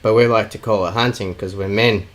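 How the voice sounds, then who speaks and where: A man's voice: lowish voice, steady tone, brisk, poor audio. An Australian man co-hosting a podcast, rambling through stories and teasing his co-host. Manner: rambling, teasing, many fillers. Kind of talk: casual chat.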